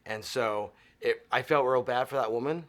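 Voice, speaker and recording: Lively middle-aged man telling stories. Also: mid-range voice, normal speed. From Arizona. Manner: animated storyteller acting out dialogue. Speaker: interview guest. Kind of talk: casual interview storytelling.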